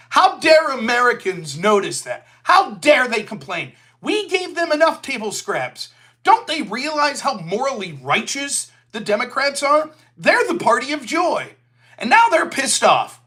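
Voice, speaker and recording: A man's voice: high voice, pushed and bright. A man hosting a solo political commentary show, sarcastic and mocking, who slips into silly voices to mimic his opponents. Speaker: show host.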